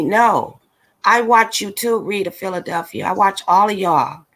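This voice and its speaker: A woman's voice: mid-range voice, slow pace, long pauses, a bit bright. A woman hosting a casual livestream, ranting bluntly and with exasperation straight to her viewers. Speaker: livestream commentator.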